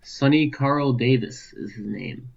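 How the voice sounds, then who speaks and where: A man's voice: medium pitch, unhurried, creaky. Podcast co-host, male, laconic and dry, dull muffled mic sound. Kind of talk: casual chat about a film.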